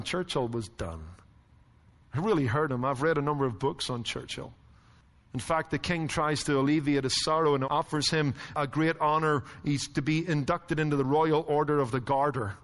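A man with a high voice preaches in a church sanctuary, swinging between stories and rhetorical questions. His words trail off into the long reverb of a large hall. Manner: animated storytelling, rhetorical questions. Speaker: pastor. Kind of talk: sermon.

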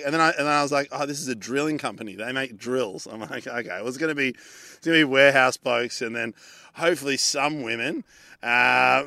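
An Australian man, a comedian and podcast co-host, telling a long story in casual chat, animated and swearing freely as he acts out the people in it. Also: medium pitch, gravelly, dry recording, clean studio sound.

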